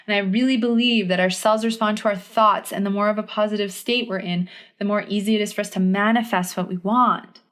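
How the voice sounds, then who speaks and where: A woman's voice: mid-range voice, steady tone, brisk, fairly bright tone. A young adult woman hosting a solo self-care podcast, speaking earnestly and encouragingly and repeating phrases for emphasis. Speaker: podcast host and health coach.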